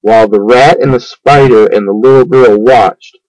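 A man reading a children's book aloud, in an unhurried, measured way. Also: medium pitch, fairly even intonation, darkish tone, no room sound, low-quality recording. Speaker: storyteller.

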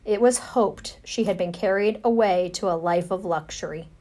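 A woman reading a children's storybook aloud, gentle and unhurried. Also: medium pitch, a little hiss or hum. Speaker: narrator.

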